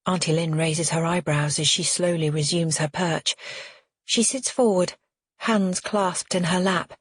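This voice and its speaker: A woman reading a first-person thriller audiobook in a measured, steady way. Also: lowish voice, breathy edge, no room sound, studio quality. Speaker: audiobook narrator.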